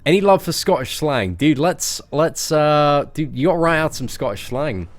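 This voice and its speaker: Playful British man, lively voice. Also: on the high side, moderate pace. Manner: playful, joking, laughs often. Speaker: game streamer. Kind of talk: casual live-stream chat reading out viewer comments.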